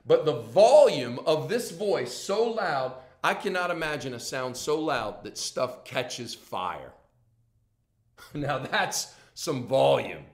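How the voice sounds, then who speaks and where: A man preaching a sermon, swinging from hushed, intense passages to loud, emphatic ones, with casual conversational asides. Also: mid-range voice, very animated, takes it slowly, roomy sound. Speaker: pastor.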